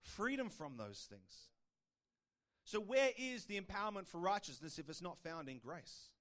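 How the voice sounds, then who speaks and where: High-voiced man preaching. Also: very animated, normal speed, fairly bright tone. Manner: conversational preaching with rhetorical questions. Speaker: pastor. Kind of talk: sermon.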